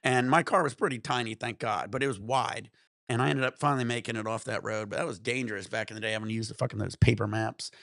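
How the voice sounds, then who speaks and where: Stream host, male, gravelly voice, dry close sound, swearing through a road-rage story. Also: medium pitch, fast, dry recording. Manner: profane, animated ranting. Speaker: livestream host. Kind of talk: casual storytelling to stream chat.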